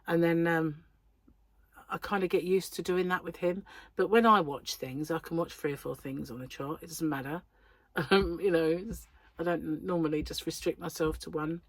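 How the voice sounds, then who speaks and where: An English woman with a fairly low, fairly even voice chats at a moderate pace on her crochet vlog. She goes off on tangents with many ums, nursing a throat that's still slightly sore, and there's no echo.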